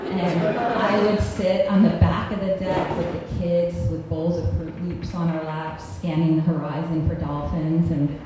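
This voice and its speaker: A woman's voice: fairly low pitch, steady tone, measured pace, few pauses, crowd noise. Wry woman telling a story in a hall. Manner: wry, self-mocking, laughs through her lines. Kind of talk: live storytelling performance. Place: cultural center hall, on stage. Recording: echoey live hall recording with faint hiss.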